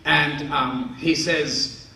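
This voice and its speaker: A man in his sixties entertains a live convention audience with rambling, amused anecdotes, acting out the quotes in a live Q&A storytelling format. His voice sits on the high side and is steady, bright and forceful, and he speaks very slowly. The large hall gives an echoey recording, with faint noise picked up by a distant mic.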